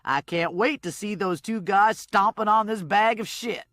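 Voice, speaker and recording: A woman's voice: medium pitch, normal speed, a bit bright, dry recording, clean studio sound, lightly acted. A woman voicing a brash, bossy female sidekick who talks sassy and blunt.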